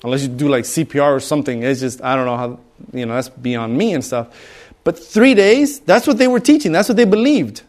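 A man's voice: medium pitch, lively intonation, a little fast, a little mellow. A middle-aged man preaching a sermon in a conversational way, acting out bystanders with humor. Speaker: pastor.

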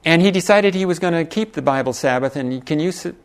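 A middle-aged preacher tells stories from the pulpit in a folksy way, chuckling and turning to the congregation with asides. His voice sits somewhat high for a man. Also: fairly quick, clear, resonant tone. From Texas. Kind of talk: sermon.

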